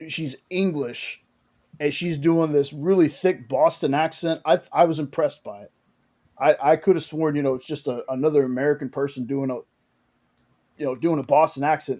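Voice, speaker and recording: A man's voice: on the high side, fairly even intonation, normal speed, darkish tone. A man casually recapping a TV episode in a rambling way, with many restarts and fillers. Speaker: podcast host recapping a show.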